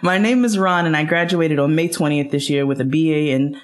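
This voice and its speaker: Wry young woman co-host. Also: sits low. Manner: wry quick quips, joking interjections. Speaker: podcast co-host. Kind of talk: casual chat.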